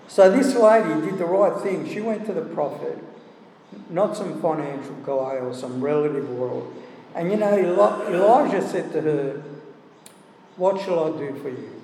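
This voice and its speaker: A man's voice: a little high, dark tone, slight background noise. A man giving a conversational sermon, often stopping for "you know" asides. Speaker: preacher. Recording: echoey hall, heard from a distance.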